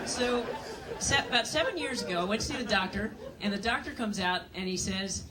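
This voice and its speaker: A woman's voice: mid-range voice, fast, far from the mic, crowd noise, background noise. A woman doing a stand-up comedy set on a club stage, telling dry, self-mocking stories and acting out other people's voices.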